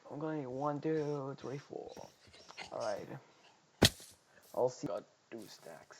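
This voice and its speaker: A man's voice: medium pitch, lively intonation, takes it slowly. A man giving casual let's-play commentary, muttering and counting to himself as he plays, often dropping to a half-whisper. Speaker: gameplay streamer. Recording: loud background noise.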